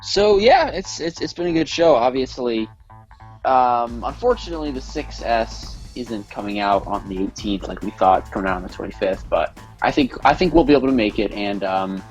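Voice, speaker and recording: A man's voice: medium pitch, expressive, normal speed, faint music behind, low-quality recording. A man co-hosting a casual tech podcast, upbeat as he wraps up the episode and signs off. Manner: upbeat, opens and closes the show. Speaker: podcast co-host.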